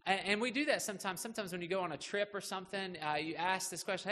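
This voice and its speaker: A middle-aged man preaches from the pulpit, his voice sitting a touch high and ringing bright. He talks in a loose, self-deprecating way, full of "uh"s and restarts. A long church echo trails each phrase over faint room hum. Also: racing, few pauses. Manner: conversational, self-deprecating storytelling with many fillers. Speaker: pastor. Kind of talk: sermon. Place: church sanctuary. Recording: reverberant hall with faint background ambience.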